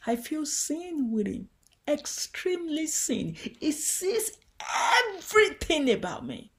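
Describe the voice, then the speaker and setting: A woman giving a devotional teaching talk in a gentle, earnest and heartfelt way. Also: high voice, big pitch swings, takes it slowly. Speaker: Christian teacher.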